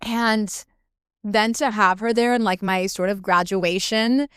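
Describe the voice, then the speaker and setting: A woman's voice: mid-range voice, steady tone, measured pace, a bit bright, clean tone, no echo, studio quality. A young woman hosting a podcast, telling a personal story in a gushing, casual way, peppered with "like" and swearing. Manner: gushing, heavy filler "like", frequent swearing. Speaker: podcast host.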